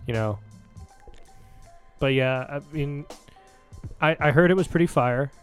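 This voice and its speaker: A man co-hosting a podcast in casual chat, cracking dry, deadpan jokes. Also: on the high side, measured pace, clean tone, faint music behind. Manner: dry, joking, deadpan asides. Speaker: podcast co-host.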